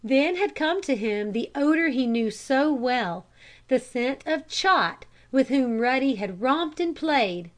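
A woman reading a children's storybook aloud in a calm, measured narration. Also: high-pitched. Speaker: audiobook reader.

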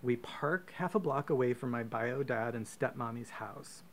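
A man co-hosting a podcast, reading a profane, comic choose-your-own-adventure story aloud with deadpan asides. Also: medium pitch, normal speed, a little hiss or hum. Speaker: podcast co-host.

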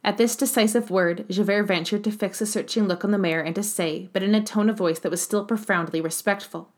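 A woman reads a classic novel aloud in a measured, expressive narration. Her pace is even and her delivery clear. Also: medium pitch. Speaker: audiobook narrator.

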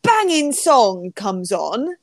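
A woman co-hosting a casual chat, giggly and quick with anecdotes. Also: fairly high pitch, sing-song, dry recording. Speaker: podcast co-host.

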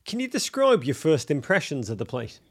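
A man's voice: fairly high pitch, huge pitch swings, a little fast, slightly rough. A man hosting a podcast interview in a jokey, theatrical way. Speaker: podcast host. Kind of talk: playful interview.

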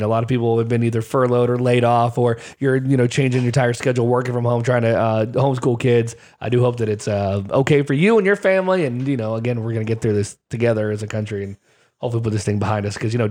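A man's voice: mid-range voice, quick pace, darkish tone. A man co-hosting a casual sports podcast, talking in a chatty way with frequent "uh" fillers. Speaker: podcast co-host.

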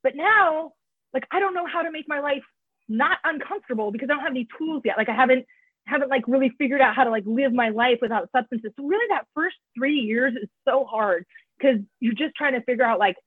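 A woman with a high-pitched, breathy-edged voice speaks fairly quickly over a tinny, dry call with no room sound. As a podcast guest and author in recovery, she narrates her recovery candidly and conversationally, swearing and filling gaps with "like" and "you know."

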